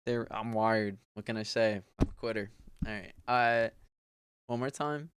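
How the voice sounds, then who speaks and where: Male streamer, slow halting read-aloud on a desk mic, smooth clear tone, dry close sound, casual and profane. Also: on the low side, no echo. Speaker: streamer reading a book aloud. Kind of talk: casual live-stream reading.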